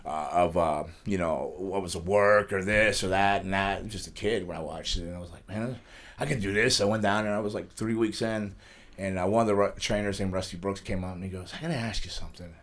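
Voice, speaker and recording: A deep, slightly bright male voice moves along fairly quickly. It belongs to a middle-aged wrestler sitting for a relaxed studio interview, where he chuckles through long, wandering stories about his life.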